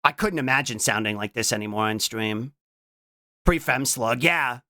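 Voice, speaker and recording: A man's voice: medium pitch, moderate pace, sharp tone, no room sound, clean studio sound. A young man streaming casually as a VTuber, rambling with restarts and giggles and breaking in with a repeated blurted "What?" tic. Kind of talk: casual live-stream chat.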